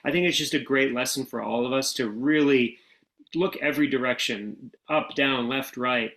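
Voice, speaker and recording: American man telling stories, mid-pitched. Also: normal speed, rough recording. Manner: relaxed, anecdotal, frequent fillers and restarts. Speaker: guest, former speechwriter. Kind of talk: conversational interview storytelling.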